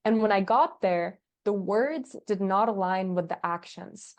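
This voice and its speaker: A woman in a relaxed podcast conversation, talking at a mid pitch. She tells stories with animated energy and slips into other people's voices when she quotes them. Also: a little slow. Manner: animated storyteller, acts out quoted dialogue, laughs often. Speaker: podcast guest, agency founder. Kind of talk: casual interview chat.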